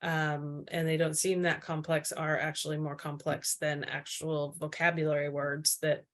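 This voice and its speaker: A woman's voice: low voice, flat delivery, normal speed. A woman co-presenting a teacher training, speaking casually with many fillers.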